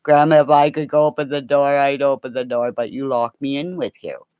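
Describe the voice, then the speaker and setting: A woman's voice: extremely low pitch, fairly even intonation, a little fast, a little mellow, clear, resonant tone, no echo, muffled recording. A woman voicing her whiny hungry mastiff. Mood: pleading. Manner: whiny, pleading. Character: hungry impatient big male mastiff dog.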